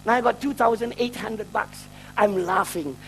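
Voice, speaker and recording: High-voiced joking male preacher. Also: normal speed, slight background noise, rough recording. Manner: joking, self-mocking storyteller who laughs at his own lines. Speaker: traveling preacher. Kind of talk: humorous testimony sermon.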